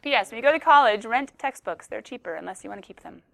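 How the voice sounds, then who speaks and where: A woman's voice: fairly high pitch, animated, quick pace, vocal fry. A woman teaching a classroom math lesson, playful and joking with her students as she works a problem.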